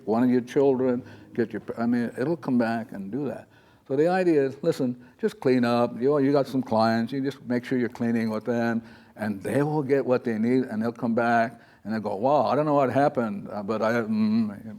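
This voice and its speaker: A man speaks to a live audience in a mellow, warm tone, drifting from thought to thought. He sounds chatty and informal, often slipping into small acted-out voices to make his point. His pitch sits in an ordinary middle range. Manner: rambling, chatty, acts out little quoted voices. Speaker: spiritual teacher. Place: talk in front of an audience.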